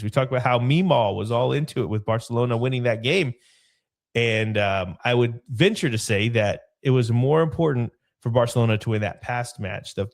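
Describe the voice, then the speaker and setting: A man hosting a casual football podcast alone, talking in a loose, rambling way with his voice gone hoarse. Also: medium pitch. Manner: loose, rambling, with frequent fillers and restarts. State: hoarse, voice partly lost. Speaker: podcast host.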